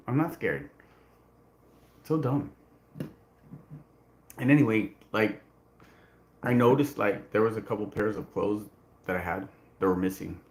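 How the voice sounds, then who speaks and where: Rambling low-voiced man chatting on a livestream. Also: slight background noise. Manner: rambling, full of "like" and restarts. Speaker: livestream host. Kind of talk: casual livestream chat.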